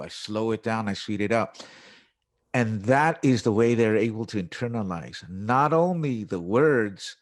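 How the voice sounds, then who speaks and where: His voice is on the low side and expressive, a little slow, with slight background noise. He teaches English and makes music, and here he explains his method conversationally while playing out classroom phrases.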